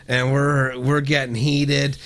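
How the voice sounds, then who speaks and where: A middle-aged Canadian songwriter telling a story as a podcast guest, rambling, restarting sentences and swearing freely. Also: male voice, medium pitch, little pitch movement, slow, fairly bright tone. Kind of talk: casual storytelling.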